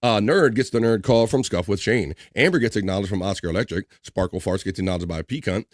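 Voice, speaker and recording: A man hosting a casual livestream, reading out viewer comments with loose, joking shout-outs and easy laughs. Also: on the low side, fast, no room sound, studio quality. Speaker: livestream host.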